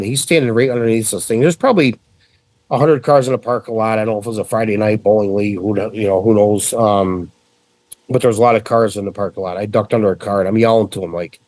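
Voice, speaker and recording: A middle-aged man from central New York, telling a story as a podcast guest in a casual, animated way with frequent swearing. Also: lowish voice, fast, dry recording.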